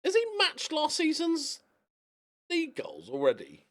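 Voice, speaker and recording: A man's voice: very high-pitched, huge pitch swings, measured pace, a bit bright. A man giving chatty let's-play commentary on a football management game, cheering his team on as matches play out, recorded on a desk microphone. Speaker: video game streamer.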